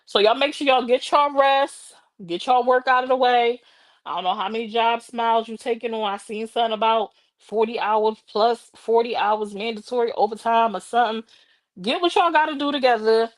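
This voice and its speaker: Woman host, chatty and sassy, drawling and tired, voice a touch high, dry close sound, outdoors. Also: normal speed, no room sound. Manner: sassy, animated, slangy and drawling. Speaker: livestream host. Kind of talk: casual chat to viewers. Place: outdoors walking a dog in the rain.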